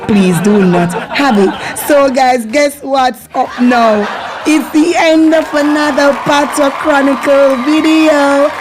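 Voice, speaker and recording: A woman with a Jamaican accent hosting a casual video lesson on Patois, energetic and laughing often. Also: on the high side, unhurried, noisy background. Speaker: channel host teaching Jamaican Patois.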